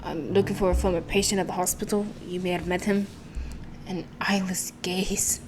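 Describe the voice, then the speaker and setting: A woman's voice: lowish voice, steady tone, fast, noisy background. Casual woman reading a story game. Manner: casual asides between reading. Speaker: gaming channel host. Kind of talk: let's play narration, reading game text aloud. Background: game music.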